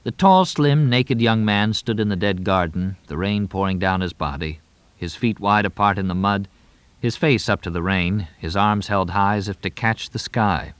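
A man narrating a novel audiobook in a measured, even way. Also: on the low side, clear, resonant tone, no room sound. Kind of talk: scripted narration.

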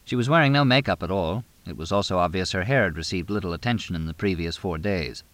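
Low, dry-sounding man narrating a novel at a steady, measured pace. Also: no room sound. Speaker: audiobook narrator. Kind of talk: scripted narration.

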